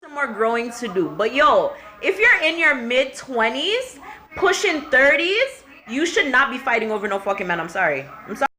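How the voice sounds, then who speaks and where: A woman's voice: high voice, sing-song, moderate pace, bright, forceful tone. A young woman vlogging casually, ranting bluntly and profanely and slipping into patois-style slang. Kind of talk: casual vlog and rant to camera.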